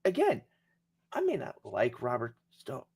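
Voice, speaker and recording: A man co-hosting a wrestling podcast in casual chat, excitable and often stammering through restarts. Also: mid-range voice, a little slow, vocal fry, breathy edge, dry recording. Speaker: podcast co-host.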